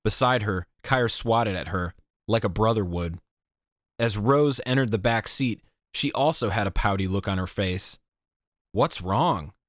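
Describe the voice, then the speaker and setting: A man narrating a teen fantasy audiobook in an even, measured way. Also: on the low side, dry recording, studio quality. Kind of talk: scripted narration.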